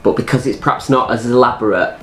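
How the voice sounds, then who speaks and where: A man's voice: mid-range voice, fast talker, fairly bright tone, roomy sound, faint music behind. A man co-hosting a casual review chat, cheeky and camp. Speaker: co-host reviewing a TV show.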